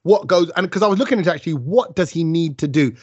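Man, fairly high voice, dry close sound, slightly dull lo-fi audio, chatty storyteller. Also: fast talker, breathy edge, dry recording. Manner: chatty, tells stories with asides. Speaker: podcast co-host. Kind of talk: casual chat.

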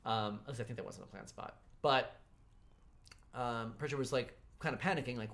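A man's voice: medium pitch, fairly quick, vocal fry, a bit bright. A man hosting a podcast, casually retelling a backstage story with quoted dialogue. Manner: recounts stories with quoted dialogue. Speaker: podcast host.

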